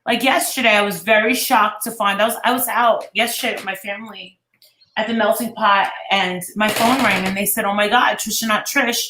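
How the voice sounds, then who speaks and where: A woman's voice: mid-range voice, fairly even intonation, a little fast, background noise. A woman hosting a casual online chat, rambling and swearing freely as she retells what others said. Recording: echoey room.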